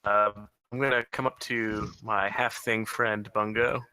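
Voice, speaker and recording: A man's voice: lowish voice, little pitch movement, unhurried, bright, forceful tone, clear, resonant tone, no room sound. A man playing a tabletop game, asking about the rules in a hesitant way. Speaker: player. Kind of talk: casual tabletop game chat.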